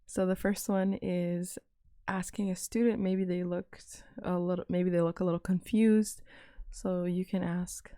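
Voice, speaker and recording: A young woman, patiently teaching classroom phrases and repeating each one slowly for learners. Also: lowish voice, warm tone, no room sound, clean studio sound. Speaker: language teacher. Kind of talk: recorded language lesson.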